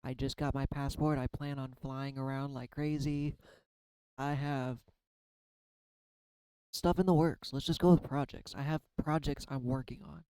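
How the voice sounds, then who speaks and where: Man in his thirties, tired, rambling and candid, swears casually, smooth clear voice, dry close sound. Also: mid-range voice, fairly even intonation, measured pace, warm tone, no echo, low-quality recording. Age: 30s. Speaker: tarot reader and artist. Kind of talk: casual spiritual vlog.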